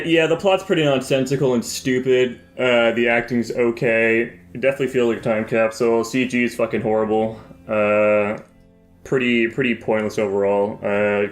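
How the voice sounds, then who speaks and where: A man's voice: on the low side, flat delivery, normal speed, faint music behind. A young man co-hosting a podcast in casual chat, blunt and dismissive in tone. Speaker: podcast co-host. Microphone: podcast microphone.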